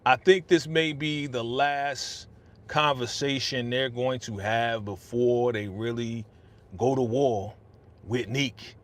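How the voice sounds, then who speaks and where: A man's voice: mid-range voice, steady tone, slow pace. A man hosting a casual live stream, talking in a chatty, slangy way and reading viewer comments aloud into a studio microphone. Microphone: podcast studio microphone.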